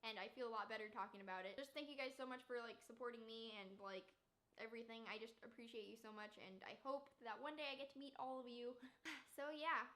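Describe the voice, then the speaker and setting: Bright-voiced young woman vlogging emotionally. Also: on the high side, steady tone, quick pace. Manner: earnest, emotional, rambling. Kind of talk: unscripted personal talk to camera.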